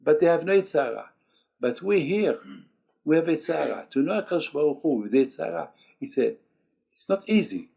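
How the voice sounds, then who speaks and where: An older male rabbi delivering a sermon with a husky, slightly raised voice. He presses each point by repeating it in halting second-language English, dropping Hebrew words throughout. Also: on the high side, expressive, dark tone. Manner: emphatic, repeats key phrases, sprinkled with Hebrew terms; speaks English as a second language, broken grammar.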